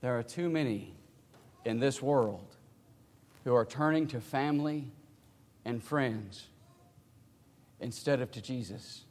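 A man preaching a sermon to his congregation. He swings between hushed, low passages and loud, emphatic cries. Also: takes it slowly, pauses often. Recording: reverberant hall.

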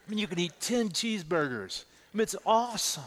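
A middle-aged male pastor preaching a sermon, telling personal stories in an animated way and repeating words as he stresses them. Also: sits high, brisk, long reverb tail. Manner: animated storytelling, repeats words when emphasizing.

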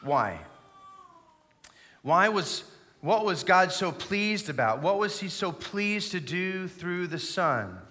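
Man, pastor preaching a sermon, earnest, fairly high voice, bright tone, church reverb. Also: animated, slow. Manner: earnest preaching, leads the congregation in reciting. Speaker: associate pastor. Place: church sanctuary. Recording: long reverb of a church hall.

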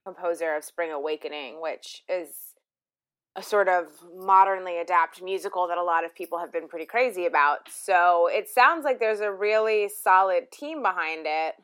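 Smooth-voiced woman, blunt podcast co-host. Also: fairly low pitch, moderate pace, fairly bright tone. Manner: blunt, matter-of-fact. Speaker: podcast co-host presenting news. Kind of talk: casual podcast chat.

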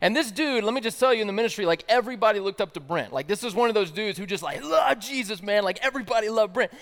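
High-voiced man preaching in a reverberant hall. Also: animated, racing, fairly bright tone. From American South. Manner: casual, youthful slang, laughs often. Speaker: speaker at a worship night. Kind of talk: sermon-style personal testimony.

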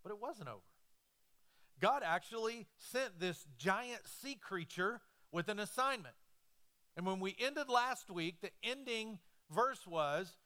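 A male pastor preaches a sermon in a church. His voice sits high and rings bright. He swings between animated, loud stretches and hushed, slow ones.

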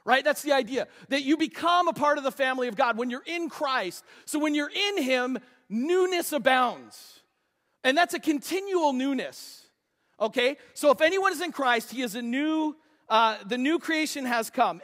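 Male pastor, high bright voice, lively joking sermon, long church reverb. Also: normal speed. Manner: animated, restarts, jokes with congregation. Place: church sanctuary.

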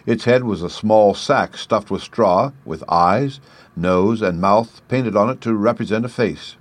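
A man narrating a classic children's book in an expressive storytelling manner. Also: fairly low pitch, unhurried.

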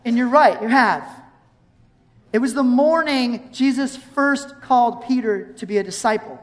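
A woman preaching a sermon in a conversational, animated way, reading verses and acting out scenes. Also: on the high side, a little slow. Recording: long hall reverb.

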